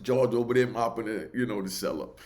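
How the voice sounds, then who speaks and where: Animated storyteller. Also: male voice, lowish voice, fairly quick. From New York. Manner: animated, loose, keeps asking "you know what I mean". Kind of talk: casual oral storytelling.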